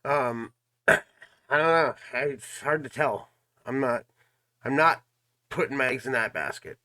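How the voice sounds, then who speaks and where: Man, reaction host, bright voice, emphatic, casual commentary. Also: medium pitch, unhurried. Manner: emphatic, asks the audience questions.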